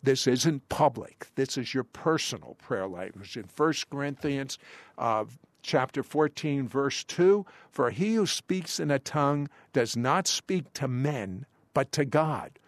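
A man preaching a sermon, quoting scripture with emphatic pauses and telling stories from his ministry. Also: medium pitch, animated, no room sound.

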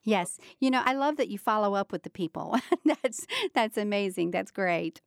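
A woman hosting an interview, offering short encouraging affirmations. Her voice is mid-pitched for a woman and sounds dry and close, with no room around it. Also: lively intonation, normal speed, gravelly, clean tone, no echo. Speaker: host.

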